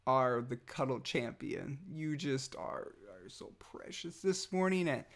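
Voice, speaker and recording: Man, father talking to his little son, gravelly voice, mid pitch, tender, hesitant, soft pauses. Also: big pitch swings. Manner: tender and halting, with many pauses and fillers. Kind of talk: heartfelt spoken message to his toddler son.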